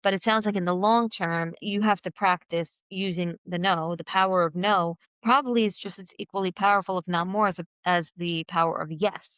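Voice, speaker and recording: Chatty woman host, smooth and dry. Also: fairly low pitch, steady tone, fairly quick, few pauses, fairly bright tone, no room sound. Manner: chatty, open, rambling. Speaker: podcast host. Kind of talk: podcast interview.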